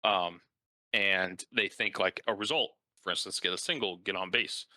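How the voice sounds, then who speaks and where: Host voice: low-pitched man, intense and forceful tone, dry close sound, chatty coach with stories. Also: moderate pace, no room sound. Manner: animated storyteller, frequent "like" fillers. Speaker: podcast host and baseball coach. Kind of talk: casual conversational interview.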